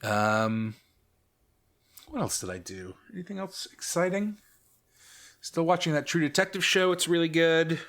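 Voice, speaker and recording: A man's voice: on the high side, lively intonation, measured pace, pauses often, fairly bright tone. A man hosting a podcast in casual chat, talking in an easygoing, rambling, self-mocking way. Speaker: podcast host.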